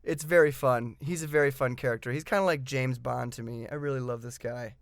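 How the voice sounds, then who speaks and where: A man's voice: mid-range voice, fairly even intonation, fairly quick, no echo, clean studio sound. A man giving a casual, enthusiastic hobby review of tabletop game pieces, reading the rules aloud and commenting between frequent fillers.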